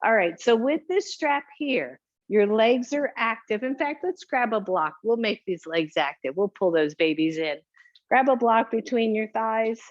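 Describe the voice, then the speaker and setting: A woman's voice: fairly high pitch, no echo, highs cut off. A woman teaching a guided yoga class, giving upbeat, encouraging cues with playful asides. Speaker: yoga instructor.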